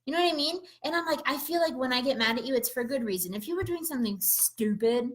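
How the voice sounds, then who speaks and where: A woman's voice: high-pitched, lively intonation, fast. A young woman co-hosting a casual podcast, talking animatedly, laughing often and swearing freely. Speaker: podcast co-host. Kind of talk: casual chat.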